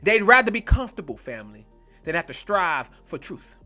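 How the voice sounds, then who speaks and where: Man preaching hard, blunt and cussing, drags words out slow, bright sharp tone. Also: high-pitched, sing-song, soft background music. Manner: blunt, confrontational, profane; drawls key words slowly for emphasis. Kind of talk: fiery online sermon.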